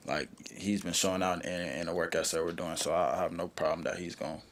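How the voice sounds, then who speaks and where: A young man with a low, deep voice answers press questions as a college football player. He talks in a laid-back way, leaning on "you know" and "um" as he gathers his thoughts. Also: quick pace, slight background noise. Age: young adult. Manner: relaxed, leans on "you know" and "um" fillers.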